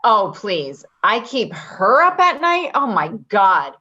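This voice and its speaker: A woman's voice: medium pitch, very animated, takes it slowly, pushed and bright, lo-fi sound, exaggerated voice. Patti, a woman playing a blunt, defensive caregiver. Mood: indignant. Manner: defensive, indignant, sarcastic. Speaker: actor in a staged reading. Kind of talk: readers theater play reading.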